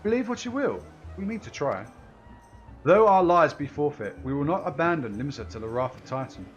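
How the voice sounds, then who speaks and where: A man's voice: a little high, sing-song, normal speed. Man playing earnest young scholar, formal, solemn, game music faint.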